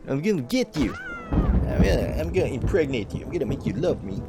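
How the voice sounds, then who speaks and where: A man doing a quick impression of a menacing heavyweight boxer, taunting threats in a raised voice, without the lisp. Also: on the high side, very animated, over loud music, voice pushed up.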